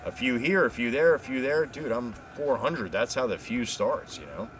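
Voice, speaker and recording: A man's voice: medium pitch, normal speed, a little hiss or hum. A man from New Jersey on a casual livestream, rambling and swearing as he tells stories. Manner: rambling, profane, animated storytelling. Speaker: livestream guest.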